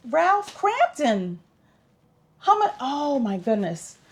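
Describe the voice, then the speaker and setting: A woman's voice: high voice, big pitch swings, slow. A woman vlogger giving casual tips in an upbeat, chatty, instructive way.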